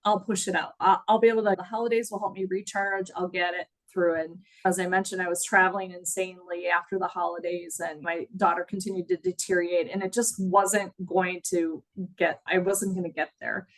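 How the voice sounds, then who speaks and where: Middle-aged woman opening up in an interview, emotional but steady, reflective. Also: fairly low pitch, a little fast, few pauses, poor audio. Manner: earnest, reflective, laughs at times. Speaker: guest. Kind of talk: candid interview storytelling.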